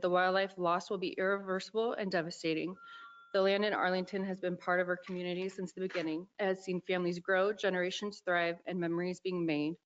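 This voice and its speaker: A young woman earnestly reading a heartfelt prepared public comment at a county meeting. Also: fairly low pitch. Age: young adult. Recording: dull lo-fi meeting audio.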